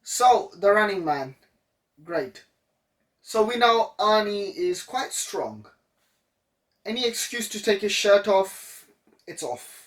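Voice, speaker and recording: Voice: medium pitch, lively intonation, takes it slowly, pauses often, distant mic. A co-host in casual chat, skeptical and dismissive of the film being praised. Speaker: co-host reviewing films.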